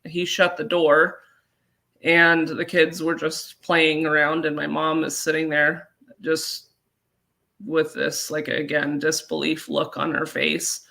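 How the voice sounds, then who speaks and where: A woman from Colorado telling a personal story as an interview guest, halting and earnest, with many fillers. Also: low-pitched, level tone, creaky, bright, forceful tone. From Colorado, USA.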